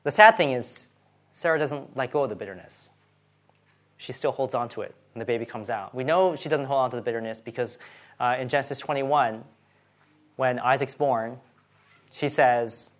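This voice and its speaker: A man gives a sermon in a chatty, conversational manner. He acts out the quoted lines and often checks in with his listeners. His voice sits at a middle pitch. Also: moderate pace. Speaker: preacher.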